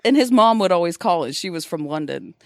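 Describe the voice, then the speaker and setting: A woman's voice: on the low side, lively intonation, brisk, gravelly, no echo, clean studio sound. A woman in her thirties co-hosting a casual podcast, self-deprecating and laughing often. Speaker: podcast co-host.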